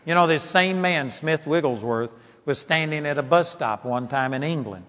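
A man preaching a sermon with passion, building to shouts and mocking timid prayers in a whiny voice. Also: a little high, normal speed. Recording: long hall reverb.

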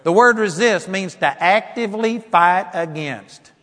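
A man preaching a sermon with passion, building to shouts and mocking timid prayers in a whiny voice. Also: high voice, measured pace. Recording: long hall reverb.

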